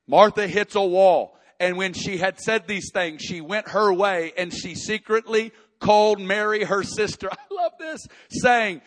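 A man preaching a sermon, reading scripture and building to impassioned, near-shouted prayer. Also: high voice, animated, a little slow, few pauses. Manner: impassioned preaching, rising to shouts in emotional passages. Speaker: pastor.

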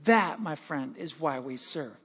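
A man preaching to his congregation as pastor, telling joking stories in an animated way. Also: fairly high pitch, a little slow, breathy edge. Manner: animated, joking, lively storytelling with acted-out quotes. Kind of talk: sermon. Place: church sanctuary.

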